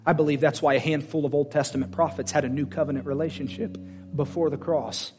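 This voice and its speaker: Country guy preaching, slightly high voice, gets loud then drops to a hush, soft music under him. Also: steady tone, fairly quick. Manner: swings from loud emphatic declarations to quiet intimate prayer; folksy, plain-spoken. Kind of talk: sermon. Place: church service.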